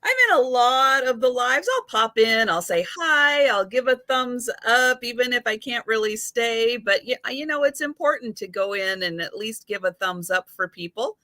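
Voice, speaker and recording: Bright-voiced woman hosting a live sale. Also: fairly high pitch, normal speed, few pauses, no room sound. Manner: friendly, hesitant with fillers. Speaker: host. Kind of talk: casual chat on a live stream.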